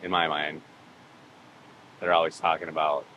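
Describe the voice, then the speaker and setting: Man, podcast guest, casual rambling chat, very deep voice, background noise. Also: flat delivery, normal speed, lo-fi sound. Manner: rambling, acts out quoted voices.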